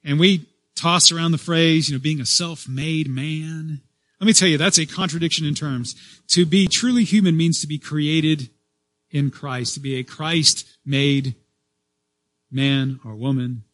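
A man preaching a sermon as pastor, stressing key phrases loudly, then dropping to a soft voice, and restarting phrases as he goes. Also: on the high side, measured pace. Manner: repeats and restarts phrases as he speaks.

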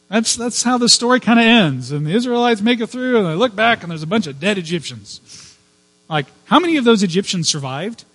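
A male pastor delivers a sermon in a loose, talky way, full of personal stories and little asides. His voice sits a bit high for a man. When he reaches his main points, he swells into fervent, insistent emphasis. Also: a bit bright. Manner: conversational, digressive storytelling with personal asides.

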